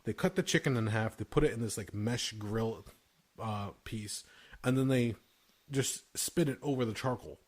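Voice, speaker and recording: At normal speed, in a mid-range voice, a man in his thirties hosts a podcast. He tells casual stories, swearing freely and laughing all the way through.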